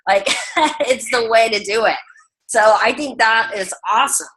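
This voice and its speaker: A woman hosts a casual coaching call, chatty and encouraging. Her voice is bright and sits a little high. She teases participants as she calls on each one in turn. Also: moderate pace, slightly rough, low-quality recording. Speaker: host of a coaching team call.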